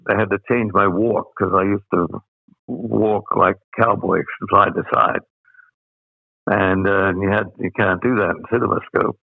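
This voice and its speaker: An older man with an Australian accent, telling stories as an interview guest, rambling with many pauses and fillers. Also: on the low side, vocal fry, dry recording. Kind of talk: anecdotal storytelling. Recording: dry, phone-like sound.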